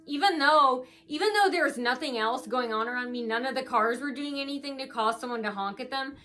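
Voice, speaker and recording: A woman's voice: high voice, lively intonation, a little fast, hardly any pauses, sharp tone. A woman vlogger telling a long story to camera, rambling with many fillers and restarts, tearful from earlier crying. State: tearful, face swollen from crying.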